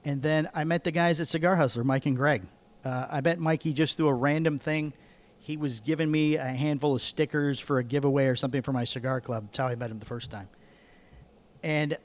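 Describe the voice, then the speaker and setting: A middle-aged man from Michigan telling a rambling story as a podcast guest, correcting himself as he goes. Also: fairly high pitch. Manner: rambling, self-correcting, chatty. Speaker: guest, cigar sales manager. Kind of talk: casual storytelling.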